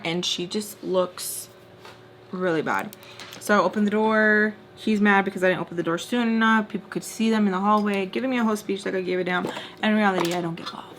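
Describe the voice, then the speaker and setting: A young woman in her twenties, a storytime vlogger, does her makeup while telling a story to the camera, chatty and exasperated as she retells quoted back-and-forth. Her mid-range voice is a bit bright, with slight background noise.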